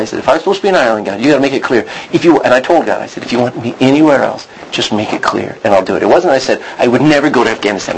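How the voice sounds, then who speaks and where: A man's voice: medium pitch, a little hiss or hum, poor audio. A man preaching a sermon, telling a personal story in a rambling way, often restarting and acting out what he said. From Texas. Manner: rambling storytelling, frequent restarts and self-quotes.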